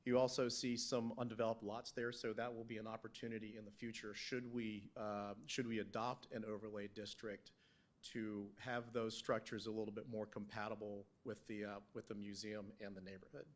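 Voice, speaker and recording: A man on the town staff presenting slides at a council work session, halting, with many fillers and restarts. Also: on the low side, flat delivery. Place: council meeting room.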